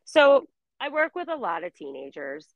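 A woman's voice: fairly high pitch, sing-song, normal speed, dry recording, poor audio. A woman in her forties telling a story in casual chat, full of fillers. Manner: chatty storytelling, many fillers. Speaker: guest.

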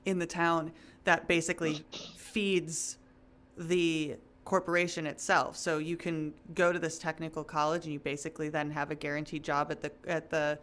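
A woman's voice: low-pitched, little pitch movement, normal speed, a bit bright. A woman co-hosting a podcast, chatting casually, self-mocking and explaining at length. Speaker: podcast co-host. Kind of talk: casual chat.

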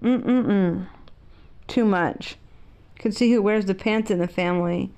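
A woman's voice: medium pitch, slow, mellow. A middle-aged woman vlogging in a rambling, outspoken, opinionated casual monologue.

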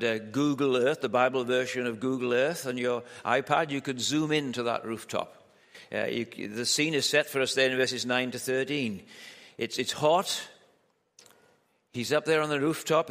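A man's voice: mid-range voice, fairly bright tone. A man preaching a sermon at a church camp in a conversational, joking way, asking his listeners lots of rhetorical questions. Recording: echoey hall with long reverb.

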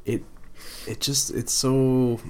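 A man's voice: mid-range voice, level tone, slow, darkish tone, clean tone. A man co-hosting a casual review chat, rambling with lots of fillers and the odd swear. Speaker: podcast co-host.

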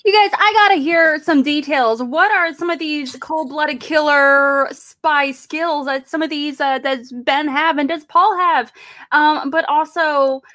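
A woman's voice: high voice, unhurried, a bit bright, no room sound. A woman hosting a comedic debate show, upbeat and chatty, often laughing. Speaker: host.

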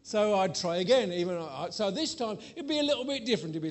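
A preacher with a fairly high voice delivers a sermon to a live congregation. He tells a frank personal story with self-mocking humor, sometimes dropping to a near mutter and sometimes rising to a loud, exaggerated plea. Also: quick pace, hardly any pauses. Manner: candid, self-mocking storytelling with lively swings in loudness.

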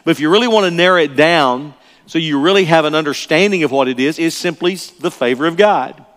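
An older man preaches to his congregation, earnest and emphatic, driving points home by repeating them. His voice sits a little high for a man, and it rings out with the long reverb of a large church sanctuary. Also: brisk, fairly bright tone. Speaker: pastor. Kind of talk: sermon.

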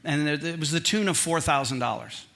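Bright-voiced middle-aged preacher telling stories. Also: male voice, a little high, fairly quick, vocal fry. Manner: animated, self-deprecating, humorous storyteller. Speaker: pastor. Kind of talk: sermon with personal storytelling.

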